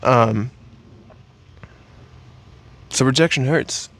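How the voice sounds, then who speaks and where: A man's voice: mid-range voice, very slow, a bit bright. A young man rambling in a crude, joking way while vlogging, with lots of fillers. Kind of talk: casual comedic vlog.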